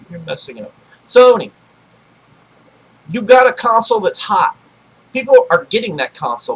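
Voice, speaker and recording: A man ranting about video games to his desk mic, swearing a lot and swinging between shouting and low grumbling. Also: low-quality recording. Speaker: gaming vlogger. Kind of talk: angry gaming rant.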